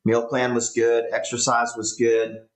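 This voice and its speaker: A man co-hosting a podcast, talking in a relaxed, halting way with many fillers. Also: medium pitch. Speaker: podcast co-host. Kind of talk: casual chat. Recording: roomy echo.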